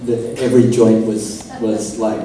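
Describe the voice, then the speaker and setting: A man's voice: fairly low pitch, flat delivery, unhurried, warm tone. Australian man on a far-off echoey panel. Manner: rambling, self-deprecating, mimics lines. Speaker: convention panelist, actor. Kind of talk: panel Q&A answers. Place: convention hall. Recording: echoey hall from far off, noisy.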